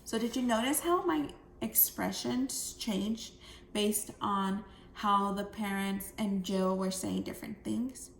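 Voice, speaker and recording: A woman second grade teacher giving a recorded phonics lesson, explaining step by step in a clear way to young children. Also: mid-range voice, takes it slowly. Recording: echoey room, faint background noise.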